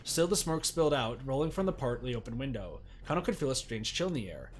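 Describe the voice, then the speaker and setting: A man streams a visual novel, reading its text aloud animatedly and shouting excited reactions between lines. His voice is medium-pitched and husky, and he talks fast with hardly any pauses.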